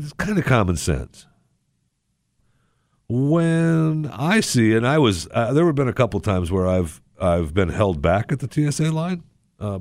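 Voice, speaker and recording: A male radio host ranting sarcastically in a talk show monologue, with loud exasperated bursts. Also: mid-range voice, gravelly, no room sound, studio quality.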